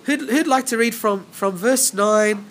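A man's voice: high-pitched, unhurried, fairly bright tone. A man preaching a Bible sermon, emphatic, repeating phrases and asking rhetorical questions.

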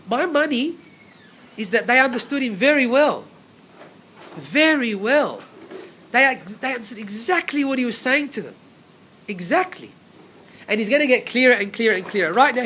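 A man's voice: very high-pitched, animated, brisk, sharp tone, slight background noise. A man preaching a Bible sermon, emphatic, repeating phrases and asking rhetorical questions.

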